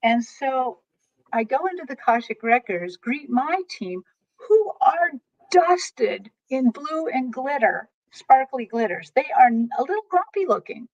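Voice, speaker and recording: A woman with a fairly high voice tells long stories in an animated, rambling way, often breaking off and starting over. She is a guest on an interview show. The recording is dull and lo-fi. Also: slow. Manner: animated, rambling storyteller with frequent restarts. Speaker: guest, tarot reader. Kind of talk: storytelling interview chat.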